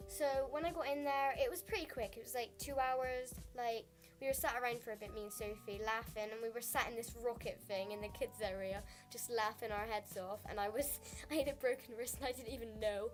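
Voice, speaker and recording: A teenage girl tells a casual storytime in a slightly high voice. She rambles and leans on "like" between every clause. Soft music plays faintly underneath. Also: fairly even intonation, brisk. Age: teens. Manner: rambling, full of "like" fillers. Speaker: vlogger.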